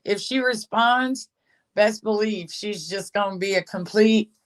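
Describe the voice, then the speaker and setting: A gossipy livestream host who talks in a slow, drawn-out way and often trails off mid-sentence. The voice sits at a middle pitch and carries a dry, sarcastic edge. The host laughs often while reading and answering the chat.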